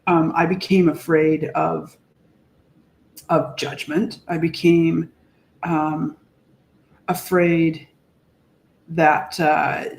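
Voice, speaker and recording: A woman co-hosting a podcast, talking in a casual, heartfelt way, reflective and halting as she searches for words. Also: sits low, flat delivery, vocal fry, darkish tone. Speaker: podcast co-host. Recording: echoey room.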